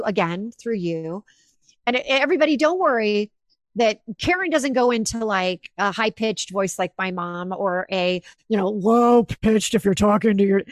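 A woman hosting an interview, retelling a personal story in animated, emotional bursts. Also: fairly high pitch, no echo, studio quality. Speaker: podcast host. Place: home office with windows.

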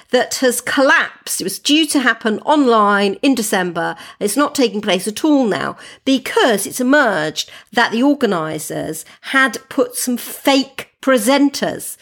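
A woman guest on a podcast, a freelance tech journalist, talking in a measured, slightly hesitant way. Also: on the high side, a bit bright. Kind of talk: casual chat.

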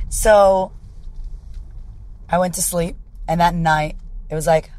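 An American woman with a hoarse, raspy voice from losing it, hosting her podcast as a confidence coach in upbeat, profane, rambling chat. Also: lowish voice, steady tone, measured pace, long pauses, a little mellow, a little hiss or hum.

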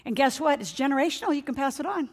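A middle-aged woman, a financial coach, giving an energetic motivational seminar talk and speaking straight to her audience. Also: high voice, fast talker. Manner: energetic, excitable, addresses the audience directly. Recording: long hall reverb.

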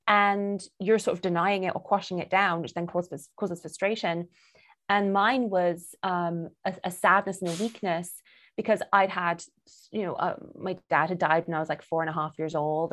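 A woman, a theater producer, in casual conversation, telling a story with lively acted-out dialogue. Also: on the low side. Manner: animated storyteller, acts out quoted dialogue.

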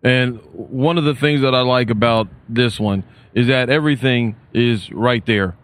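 A male comedian guest on a podcast, teasing and playful, talking in a relaxed, drawn-out way on a hotel terrace. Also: mid-range voice. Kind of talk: casual chat.

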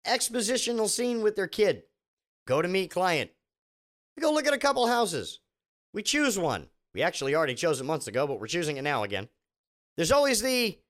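A man in a sarcastic, rambling comedic rant, tripping over restarts as he piles up asides. His voice sits high and swings widely in pitch, which keeps the delivery lively. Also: a little fast.

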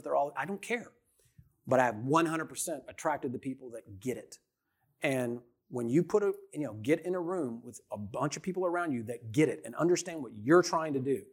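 A middle-aged man, a guest on an interview show, talking in a blunt, energetic, salesy way and often tagging "right?" onto his points. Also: fairly high pitch. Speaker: podcast guest, entrepreneur. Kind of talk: casual interview talk.

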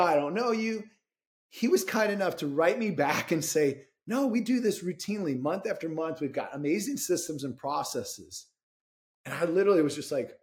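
A man, a dentist and interview guest, telling his own story in an animated, informal way. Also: fairly high pitch. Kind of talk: casual personal storytelling.

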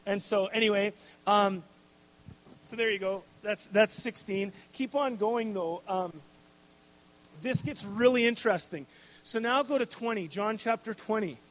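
A man's voice: high-pitched, unhurried, a bit bright. A man preaching a casual, conversational sermon, checking in with "okay?" and adding jokey asides. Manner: conversational, tags lines with "okay?" and "right?".

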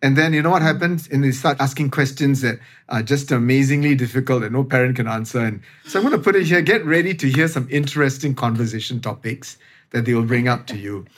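A man's voice: mid-range voice, fast. Earnest middle-aged male pastor. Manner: earnest, reflective, often speeding up. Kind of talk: sharing a personal faith testimony on a panel.

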